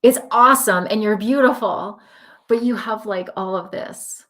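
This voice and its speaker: A woman's voice: mid-range voice, moderate pace, fairly bright tone. She's a woman doing a live tarot reading, gushing and emotional, pours out encouragement, voice sits right in the middle, mic feels like a webcam or phone. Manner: effusive, emotional, affirming. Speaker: spiritual tarot reader.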